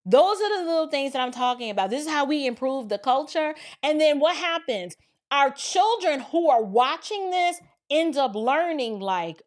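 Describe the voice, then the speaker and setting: A woman hosting opinion commentary, preachy and animated, often slipping into quoted voices of friends. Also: high voice, moderate pace. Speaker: commentary host.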